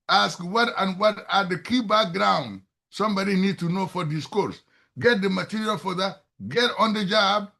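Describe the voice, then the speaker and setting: An older man lectures with bursts of excitement, pressing each point home. His voice sits high and rings bright. He speaks over a video call. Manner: excitable, emphatic lecturing that rises loudly when stirred. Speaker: STEM mentor presenting a program. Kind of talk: online presentation on a video call.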